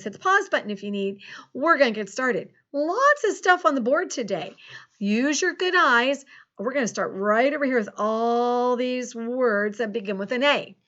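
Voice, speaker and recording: A woman teaching a recorded phonics lesson to young children, encouraging them and sounding out words slowly. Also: fairly high pitch, fairly bright tone, dull audio. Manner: encouraging, slow and exaggerated word sounding. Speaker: second grade teacher.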